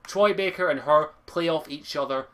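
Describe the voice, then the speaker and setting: A man's voice: fairly high pitch, normal speed, fairly bright tone. A young man giving a casual game review, enthusiastic, swearing freely and rambling a little as he talks. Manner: rambling with stumbles.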